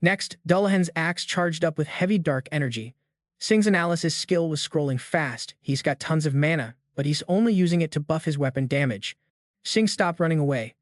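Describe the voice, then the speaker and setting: A man's voice: fairly high pitch, moderate pace, no echo, studio quality. Hyped man narrating a recap. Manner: slangy, hyped-up storytelling. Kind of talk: scripted narration.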